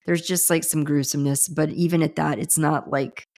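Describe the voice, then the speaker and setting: A woman with a low voice hosts a podcast in a loose, casual way. She rambles, restarts her sentences and laughs along the way. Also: fairly even intonation, moderate pace, a little mellow. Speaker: podcast host. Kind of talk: casual chat.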